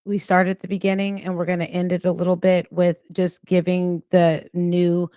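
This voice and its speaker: Her voice runs on the low side, warm but monotone, in a dry recording. She hosts a reaction livestream and talks casually to viewers, slowly and critically, clearly exasperated.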